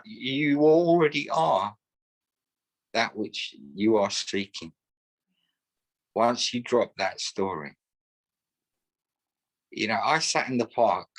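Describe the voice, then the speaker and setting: Low-voiced older man, earnest testimony. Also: low-quality recording. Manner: earnest, reflective storyteller. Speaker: support group member. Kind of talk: personal testimony.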